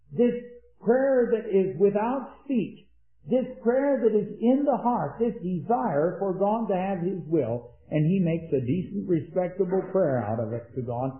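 A man preaching an earnest sermon, rising to emphatic peaks and dropping into quiet anecdotes. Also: high voice. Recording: echoey, tinny old sermon recording.

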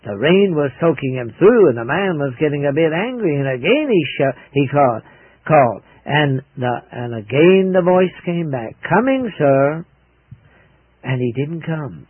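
An earnest male preacher tells a gospel story to children, stressing key words as he goes. His voice is husky and a little raised. It comes across thin and phone-like on a dry radio recording. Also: a little high, animated, normal speed, dry recording.

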